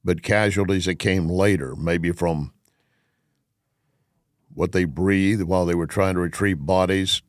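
A middle-aged man hosting a talk radio show, speaking in an earnest, emphatic, measured way. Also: deep voice, dry recording, clean studio sound.

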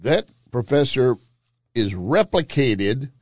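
A man hosting talk radio, emphatic and insistent. His pitch swings widely as he repeats key phrases. The sound is dry and slightly dull, like a broadcast feed. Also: very animated, slow, no echo. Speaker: radio talk show host.

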